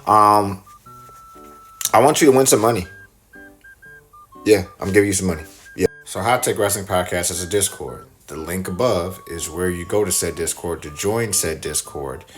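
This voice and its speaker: Man, low voice, put-on British accent, teasing, repeats each instruction. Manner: repetitive step-by-step instructions, teasing. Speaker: podcast host. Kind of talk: recorded promo announcement.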